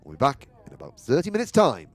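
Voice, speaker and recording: A man giving live race commentary on a karting event, rattling off positions and names and building excitement toward the finish. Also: mid-range voice, quick pace, no echo.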